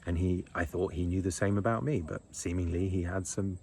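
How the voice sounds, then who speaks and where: A man's voice: low-pitched, fairly even intonation, fairly quick, a little mellow, a little hiss or hum. A man in his thirties talking in a blunt, rambling monologue, swearing freely and chuckling between thoughts. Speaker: men's retreat leader. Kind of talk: casual monologue.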